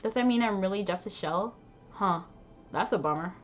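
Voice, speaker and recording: A woman's voice: medium pitch, moderate pace, muffled recording, slight background noise, lightly acted. A woman voicing a cheerful, innocent little girl in a game, with a light, bouncy lilt. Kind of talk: reading game dialogue aloud.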